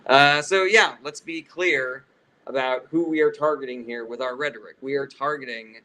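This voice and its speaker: A man's voice: mid-range voice, normal speed, bright, forceful tone, slight background noise, poor audio. A man hosting a casual political livestream Q&A, reading out viewer questions and answering bluntly with plenty of profanity.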